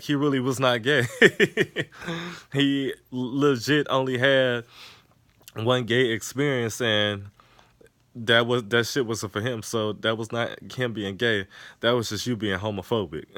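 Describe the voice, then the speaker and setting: Man recapping a show, profane, animated, mid-pitched voice, dry close mic. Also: unhurried, no echo. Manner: animated, profane, laughs often. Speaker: TV episode reviewer. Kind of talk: casual recap with acted-out quotes.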